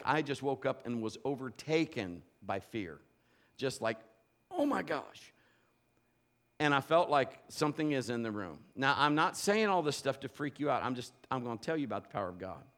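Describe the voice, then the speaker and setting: Animated preacher with a forceful voice. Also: male voice, medium pitch. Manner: animated, acts out voices and sounds. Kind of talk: dramatic sermon storytelling.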